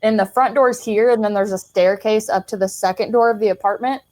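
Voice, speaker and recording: A woman's voice: mid-range voice, fairly even intonation, fairly quick, darkish tone. A young adult woman from the American Midwest, a podcast guest, telling her personal story in a frank, chatty way with lots of "like" and casual swearing. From Kansas City, Missouri, US.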